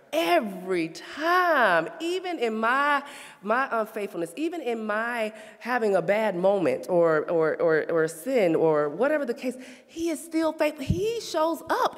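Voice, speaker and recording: A woman in her thirties sharing a church testimony, telling her story with lots of laughter and dropping to soft, confessional tones. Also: medium pitch. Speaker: speaker giving a testimony. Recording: long reverb of a hall.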